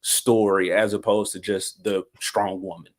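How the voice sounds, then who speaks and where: A man's voice: low voice, level tone, a little slow. A man co-hosting a casual movie chat, talking in a rambling, easygoing way. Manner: rambling, many fillers and restarts; married. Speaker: podcast co-host.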